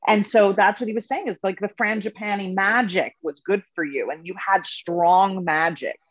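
A woman spiritual coach and tour leader telling stories in a casual interview, animated and laughing often. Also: medium pitch, moderate pace, lo-fi sound, a crowd in the background.

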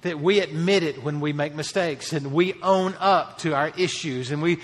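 A man's voice: fairly high pitch, normal speed, big-room sound. A man preaching a sermon as a pastor, earnest, lifting his voice to stress key phrases.

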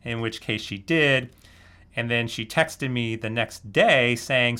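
A man's voice: medium pitch, takes it slowly, sharp tone, clean tone. A man casually telling a story, laughing often as he goes. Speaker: guest telling a dating story. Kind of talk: casual anecdote.

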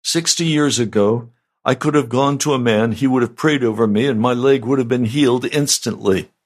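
An older man, a pastor, giving a slow, deliberate, conversational sermon. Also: medium pitch.

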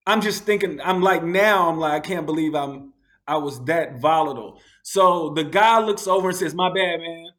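A man telling stories in a relaxed conversation, acting out the people he quotes in a raised, excited voice. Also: a little high, moderate pace. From United States. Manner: animated, acts out quotes in a raised voice. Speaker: guest. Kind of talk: casual storytelling.

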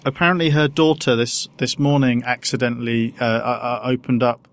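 A man's voice: mid-range voice, level tone, a little fast. Rambling man co-hosting a podcast. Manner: hesitant, rambling with many restarts. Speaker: podcast co-host. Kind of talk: casual chat.

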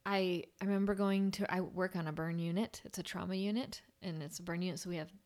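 A woman's voice: fairly low pitch, fairly even intonation, fast, darkish tone. A young woman who works as a burn-unit nurse, talking candidly in a casual conversation, rambling with lots of "like.".

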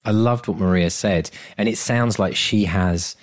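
A man co-hosting a podcast with a fairly low voice. He is chatty and teasing, fond of drifting into anecdotes. His delivery stays loose and conversational. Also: unhurried. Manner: chatty and teasing, prone to storytelling. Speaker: podcast co-host. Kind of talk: casual conversation.

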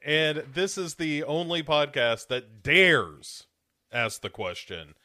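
Podcast co-host, casual movie chat, dry sarcastic teasing, lively pitch. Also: slow, no echo.

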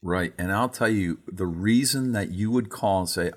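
Husky, earnest preacher man. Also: sits low, moderate pace. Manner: earnest, emphatic, repeats himself. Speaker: co-host, preacher. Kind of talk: casual religious discussion.

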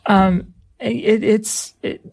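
A woman co-hosting a radio talk show, chatting casually with halting restarts and easy laughter. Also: mid-range voice, fairly even intonation, creaky, darkish tone. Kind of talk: casual on-air chat.

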